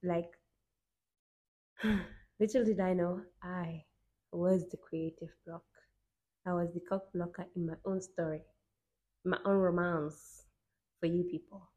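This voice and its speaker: A woman's voice: lowish voice, fairly even intonation, slow pace, pauses often, warm tone, muffled recording. A woman hosting her own podcast, talking alone in a casual, reflective, self-mocking way. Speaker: podcast host. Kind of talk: casual solo podcast talk.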